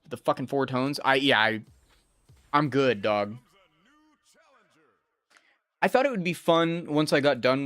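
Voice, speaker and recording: A man's voice: mid-range voice, a bit bright, no echo. A young man who speaks English natively, casually talking over a fighting game as a streamer, rambling and swearing freely. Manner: profane, rambling, chatty. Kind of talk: casual gameplay commentary.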